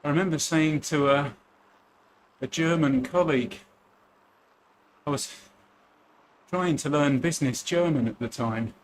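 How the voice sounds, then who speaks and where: A man's voice: fairly high pitch, a little slow, pauses often, a little hiss or hum. A man from Essex with an Essex accent, chatting casually and joking at his own expense while racing. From Essex, England. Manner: chatty, joking, self-deprecating. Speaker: cycling vlogger.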